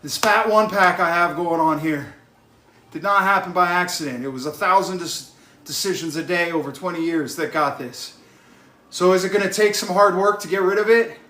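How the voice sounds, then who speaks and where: An out-of-breath man talking to his live stream chat while riding an exercise bike at home, getting worked up and yelling at times. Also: sits high, normal speed, reverberant. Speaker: fitness vlogger live streaming his workout.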